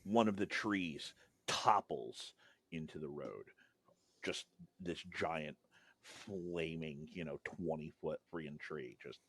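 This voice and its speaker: A man's voice: very deep voice, slow, fairly bright tone, husky. A man narrating a tabletop game as game master, in vivid, rambling descriptions full of fillers.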